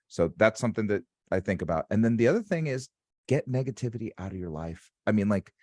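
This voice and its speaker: Man, sales coach host, lower voice, very lively pitch, emphatic motivational chat. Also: no room sound, clean studio sound. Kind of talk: casual interview chat.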